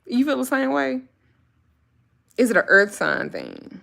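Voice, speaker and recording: Bright-voiced, blunt, swearing woman. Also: high-pitched, sing-song, unhurried, gravelly. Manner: blunt, swears freely, talks to her dogs. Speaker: spiritual reader and vlogger. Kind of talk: casual profane rant to camera.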